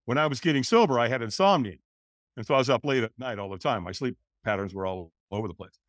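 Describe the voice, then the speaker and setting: A man in his sixties, a podcast guest, telling his life story in a lively way and acting out the voices of people in it. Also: medium pitch, quick pace, no echo, studio quality. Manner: animated, acts out voices in his stories. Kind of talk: storytelling interview.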